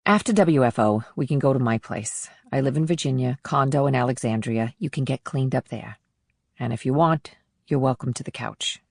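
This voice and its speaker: A woman voicing a blunt, wry female FBI agent in an audiobook, speaking in a low, plain manner. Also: normal speed, creaky, a little mellow, dry recording, studio quality, full character voice. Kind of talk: audiobook dialogue.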